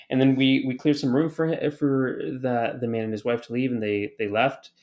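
A man's voice: mid-range voice, brisk, few pauses. A man co-hosting a podcast, telling a story in casual chat, rambling with lots of fillers, restarts and swearing. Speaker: podcast co-host.

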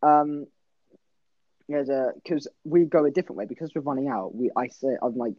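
A man's voice: mid-range voice, normal speed, no room sound. Man, young adult, rambling storyteller, swears, laughs, muffled dry recording. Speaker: podcast co-host. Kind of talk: casual storytelling chat. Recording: dull lo-fi dry sound.

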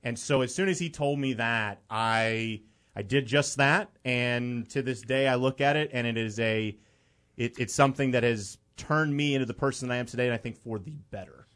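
A man's voice: mid-range voice, moderate pace, a bit bright. A young man from the Chicago area, a guest on a talk show, telling a personal story in an earnest, rambling way with many fillers.

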